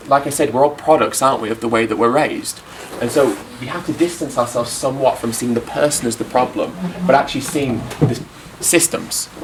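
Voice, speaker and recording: A man's voice: mid-range voice, slight background noise, rough recording. A man in his twenties giving a talk to an audience, telling stories in a candid way and often adding questions like "right?" to his sentences. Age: 20s. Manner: candid storytelling with rhetorical tag questions. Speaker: speaker.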